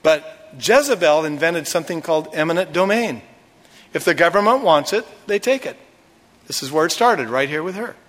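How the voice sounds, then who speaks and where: A man's voice: a little high, expressive, normal speed, fairly bright tone, big-room sound. A male pastor preaching a sermon, retelling a story dramatically with acted quotes.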